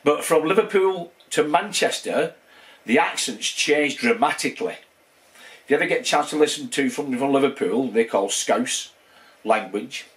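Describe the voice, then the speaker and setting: A man's voice: mid-range voice, lively intonation, moderate pace. Sixty-something man with a Wigan accent. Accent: Wigan, northern English. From northwest England. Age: 60s. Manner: rambling, with many fillers and restarts. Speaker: channel host. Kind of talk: casual channel update.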